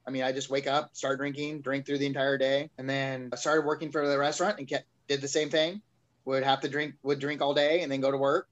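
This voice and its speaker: A man's voice: medium pitch, flat delivery, brisk, a bit bright, highs cut off. A man, a guest on an interview show candidly telling his recovery story and acting out his own past words.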